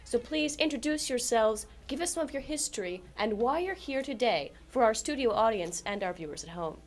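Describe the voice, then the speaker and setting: A woman's voice: on the high side, lively intonation, fairly quick. Woman hosting a satirical talk show. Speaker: host. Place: community TV studio.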